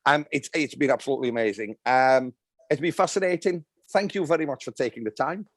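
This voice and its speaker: A man's voice: medium pitch, a little fast, no echo, studio quality. A man hosting a podcast, wrapping up with thanks and sponsor mentions, with many ums. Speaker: podcast host.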